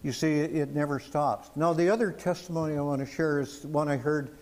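A man's voice: on the high side, fairly even intonation, fairly quick, a little mellow. A man preaching a sermon, telling testimonies with emphasis and asking the congregation "amen?". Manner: storytelling, emphatic, asks "amen?".

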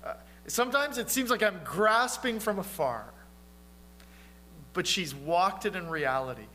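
Bright, high-voiced preaching man. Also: big pitch swings, normal speed, slight background noise. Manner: earnest, conversational preaching with rhetorical questions. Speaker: pastor. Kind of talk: sermon.

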